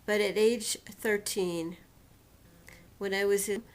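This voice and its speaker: A woman recounting a painful personal experience in a storytelling manner, slowly and deliberately, acting out what was said to her. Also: mid-range voice, fairly even intonation. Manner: emotional retelling, quotes others and herself dramatically. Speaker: personal testimonial speaker.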